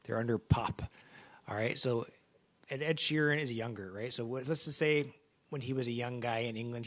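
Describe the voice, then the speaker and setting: A man's voice: medium pitch, moderate pace, fairly bright tone. A man in his forties co-hosting a casual podcast, explaining things easygoingly with acted-out examples. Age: 40s. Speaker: podcast co-host. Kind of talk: casual chat.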